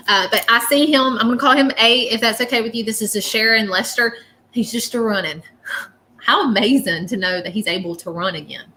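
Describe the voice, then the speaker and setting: A chatty woman gives a live reading from her home, her tone bright and clear over a faint hum of background noise. She talks earnestly and keeps checking in with her listener, her voice sitting at an ordinary middle pitch. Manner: chatty and earnest, many fillers and "okay?". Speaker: psychic medium. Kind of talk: live-stream reading, casual talk.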